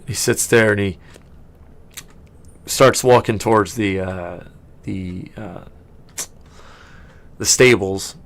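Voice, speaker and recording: A man's voice: lowish voice, fairly bright tone. A man narrating as game master of a tabletop role-playing game, chatty and rambling, with many fillers and laughs.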